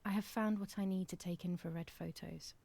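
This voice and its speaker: An actress voicing a calm, reserved young woman photographer in a video game, speaking in a soft, understated inner monologue. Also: lowish voice, brisk, vocal fry. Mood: subdued. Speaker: game protagonist.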